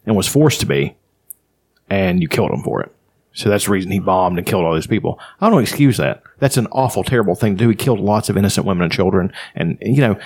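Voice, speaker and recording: A man's voice: fairly low pitch, darkish tone. A man in casual chat, speaking with emphatic, profane conviction.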